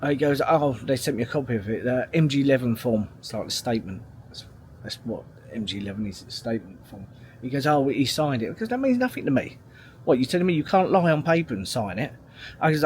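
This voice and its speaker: A man's voice: mid-range voice, expressive, quick pace, a little mellow, a little hiss or hum. A middle-aged man, telling a long story to camera in a rambling, sweary way, full of fillers and restarts. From England. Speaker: vlogger.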